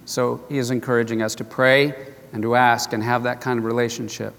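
A man's voice: medium pitch, level tone, brisk, gravelly, fairly bright tone, long reverb tail. An older man preaching as a pastor, telling a story in an earnest, conversational way. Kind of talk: sermon with storytelling.

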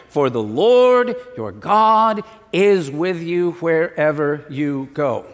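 A man preaching a sermon as pastor, animated, acting out little voices in his stories. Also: high-pitched, long reverb tail.

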